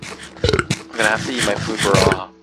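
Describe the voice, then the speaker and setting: A man's voice: lowish voice, level tone, a little slow, heavy background noise. Jittery man narrating a horror game. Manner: jumpy and nervous, repeating himself. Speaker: gaming video creator.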